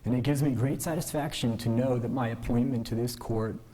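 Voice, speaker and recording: A man giving a measured, earnest formal speech at a ceremony, modest and self-deprecating. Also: mid-range voice, steady tone, warm tone. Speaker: newly invested justice giving a speech. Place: ceremony hall.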